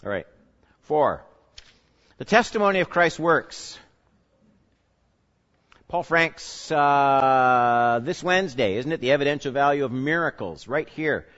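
Male pastor, conversational sermon, mid-pitched voice, dull lo-fi recording. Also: animated, unhurried, long pauses, a bit bright. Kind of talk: teaching sermon. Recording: reverberant hall, dull lo-fi sound.

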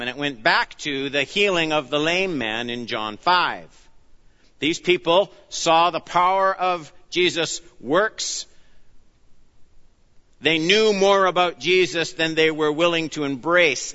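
A man preaching an expository sermon, earnest and emphatic, often dropping low and soft on key phrases. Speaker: pastor. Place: church. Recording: dull sound, long reverb of a church hall.

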